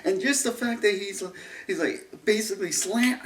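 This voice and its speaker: A man's voice: high voice, moderate pace. A man ranting through a film review, rambling, restarting sentences and turning sarcastic. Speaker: movie reviewer. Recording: roomy echo, distant mic.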